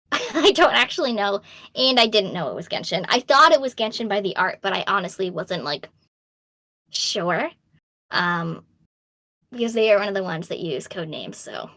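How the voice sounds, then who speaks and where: On a casual Q&A stream, a young adult voice actress with a light Boston accent reads fan questions aloud and replies chattily and frankly, with frequent ums and laughs. Her mid-range voice is animated, bright and forceful at a moderate pace, pausing often; the recording is dry.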